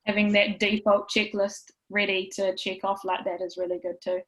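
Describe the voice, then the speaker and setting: A woman's voice: mid-range voice, level tone, normal speed, fairly bright tone, low-quality recording. A woman with a New Zealand accent, a guest speaker chatting on a video call in an upbeat, encouraging way. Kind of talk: casual video call chat.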